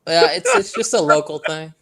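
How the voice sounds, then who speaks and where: A man's voice: fairly high pitch, huge pitch swings, normal speed, vocal fry, fairly bright tone. Rambling chatty man from North Carolina. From North Carolina, USA. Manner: rambling, chuckles often, many fillers. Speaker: call-in guest. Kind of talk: casual chat. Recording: call-in audio.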